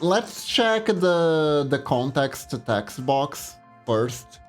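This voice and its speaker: A man chatting casually on a livestream, telling a story in a rambling, animated way. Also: mid-range voice. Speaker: streamer.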